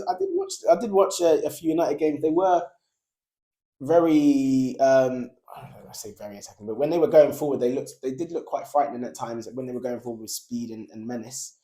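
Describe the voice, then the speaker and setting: A young man hosting a casual football podcast, animated and laughing often as he talks. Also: mid-range voice, a little fast. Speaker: podcast host.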